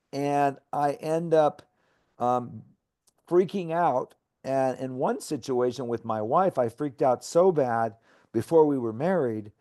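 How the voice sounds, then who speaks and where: A middle-aged man with a mellow, dark voice reads from his own memoir in an earnest storytelling manner. His pitch sits in an ordinary male middle range. He moves from the reading into frank talk about recovery. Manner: earnest storytelling, acting out shouted quotes.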